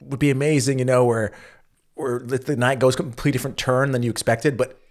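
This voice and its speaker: A man's voice: mid-range voice, steady tone, fast. A man hosting a casual chat, chiming in with short laid-back reactions and slang.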